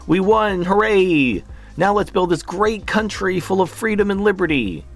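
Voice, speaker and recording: Brief: a man playing a timid, preachy man, high, pleading and stammering. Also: expressive, a little slow. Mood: whiny. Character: whiny, timid man, a preachy political moderate.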